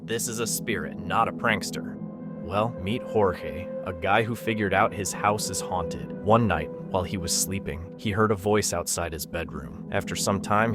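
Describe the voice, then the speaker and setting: A man reading a scripted narration in a measured, ominous storytelling manner. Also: sits low. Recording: voice-over with background music.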